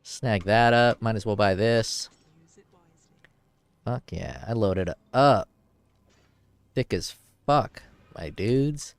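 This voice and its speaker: A man casually commenting on his gameplay as a streamer. He swears freely, gets excited, and reads item text aloud. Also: lowish voice, takes it slowly, vocal fry, long pauses, clean tone, no echo. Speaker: game streamer.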